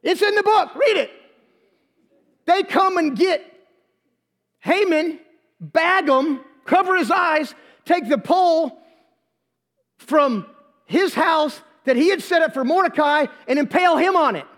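High-voiced preacher retelling a story with humor. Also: male voice, measured pace, long pauses. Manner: lively, humorous, slangy retelling. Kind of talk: storytelling sermon. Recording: long hall reverb.

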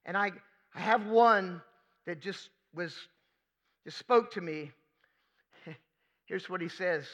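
A pastor preaches emphatically, asking rhetorical questions and repeating key phrases. His voice sits high with a fairly bright tone, and he speaks at a slow pace.

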